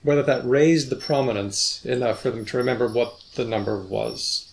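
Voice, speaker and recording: Gravelly man asking curious questions. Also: mid-range voice, normal speed, a little hiss or hum. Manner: curious, asks questions and guesses answers. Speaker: podcast host. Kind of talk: casual chat.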